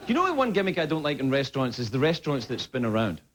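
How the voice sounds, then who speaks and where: A man's voice: mid-range voice, sing-song, racing, fairly bright tone. A Scottish man in his forties, a late-night host telling rambling comic stories and often interrupting himself with laughter. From Scotland. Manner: rambling, self-interrupting storytelling with frequent laughs. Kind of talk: comedic monologue.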